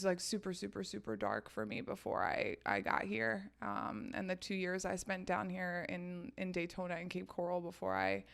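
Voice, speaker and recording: A woman's voice: fairly low pitch, gravelly, a bit bright, smooth. A young woman telling stories in a podcast interview, candid and laughing often, swearing freely. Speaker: podcast guest. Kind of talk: casual storytelling.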